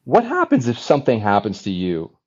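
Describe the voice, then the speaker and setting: A man in his forties, a former Navy fighter pilot, speaking as a podcast guest in an earnest, animated storytelling manner that acts out remembered dialogue. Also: medium pitch, fairly quick, breathy edge. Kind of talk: conversational storytelling. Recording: dull lo-fi recording.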